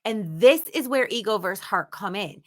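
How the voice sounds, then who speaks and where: A woman's voice: medium pitch, animated, normal speed. A woman giving a motivational teaching talk, speaking emphatically and repeating words for stress. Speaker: instructor.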